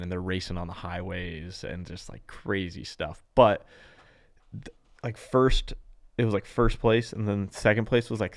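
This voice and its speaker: Guest racer, low gravelly male voice, chatty and rambling, dry close mic. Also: no echo. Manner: rambling, animated, heavy use of "like". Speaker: off-road truck racer, guest. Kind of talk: casual podcast conversation.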